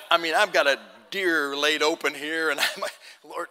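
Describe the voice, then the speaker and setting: In a room with long hall reverb, a pastor speaks at normal speed, his voice on the high side, sharp and fairly even in intonation. He's preaching through a homespun story, taking on both roles in the conversation.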